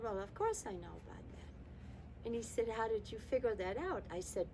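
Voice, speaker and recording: A woman's voice: mid-range voice, a little hiss or hum, low-quality recording. An older woman from Germany telling a personal childhood story, acting out the dialogue between herself and her father. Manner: lively, voices her father and her child self in quotes.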